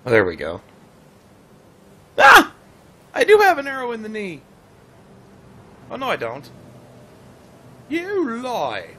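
A man's voice: very high-pitched, huge pitch swings, slow, pauses often, bright, forceful tone. A man casually commenting on his gameplay livestream, playful and laughing often as he chats to his cat. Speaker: game streamer.

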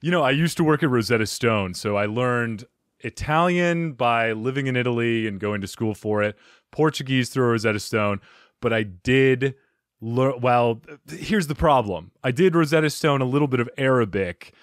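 A man's voice: medium pitch, normal speed, dry recording, studio quality. Jokey self-deprecating male podcast host. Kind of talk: casual interview chat.

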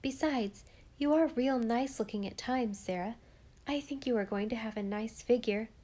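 A woman's voice: a little high, normal speed, mellow, lightly acted. A woman reading an audiobook, voicing a sensible, earnest young girl. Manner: earnest, sometimes indignant.

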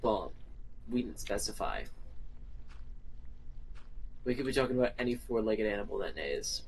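A man's voice: on the low side, animated, normal speed, slight background noise, poor audio. A young man joking and teasing his friends during a casual gaming session, laughing often.

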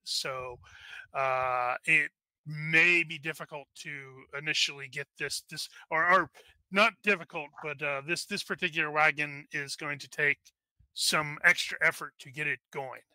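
Male game master, bright crisp voice, dry close mic, halting delivery. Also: a little high, steady tone, no room sound. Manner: halting, many restarts and fillers. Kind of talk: narrating a tabletop game.

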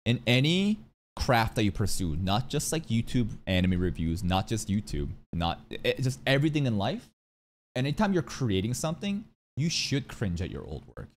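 Male streamer, casual commentary, mid-pitched, very expressive intonation, profane and animated. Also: moderate pace, a little hiss or hum. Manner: animated, swearing, jumps into high mocking voices. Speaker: reaction streamer. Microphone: studio dynamic mic.

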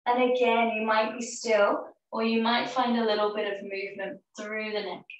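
Yoga teacher, woman, slightly high voice, gentle encouraging cues, booming echoey room, a step back from the mic. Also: normal speed, distant mic, highs cut off. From Australia. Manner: calm, encouraging, cueing breaths. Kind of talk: guided yoga class instruction.

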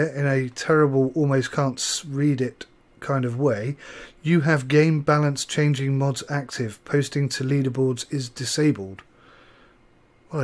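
A man hosting a let's play, chatting and joking his way through a bus driving game. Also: mid-range voice. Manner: chatty, joking, self-deprecating. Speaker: gaming channel host.

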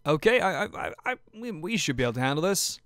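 A man's voice: on the high side, very animated, fast talker, fairly bright tone, no room sound. Young man, let's play commentary, profane and joking, stammering restarts, dry voice, desk mic. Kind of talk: casual gameplay commentary.

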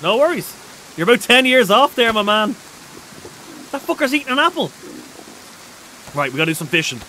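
An excitable man hosts a casual gaming livestream, his voice pitched high for a guy and bright, almost edgy. A faint hiss sits under his talk. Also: brisk, rough recording. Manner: excitable, reads out chat messages. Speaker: streamer.

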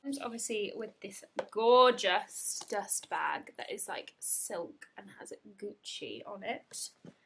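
Bright-voiced gushing woman vlogger. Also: mid-range voice, lively intonation, slow pace, a little hiss or hum. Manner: gushing, gasping, breathy asides. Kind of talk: excited unboxing vlog. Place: home room, indoors.

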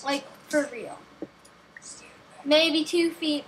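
A woman's voice: high voice, takes it slowly, pushed and bright, slight background noise, low-quality recording. A young woman giving casual, rambling gameplay commentary with a sarcastic streak, talking to herself and the game.

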